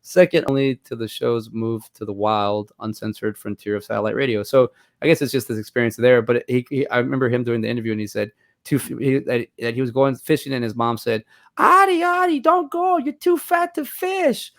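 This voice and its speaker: A man from Mexico co-hosting a casual movie podcast, rambling and animated, often acting out quoted voices. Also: mid-range voice, fast talker, hardly any pauses, no room sound, clean studio sound. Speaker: podcast co-host.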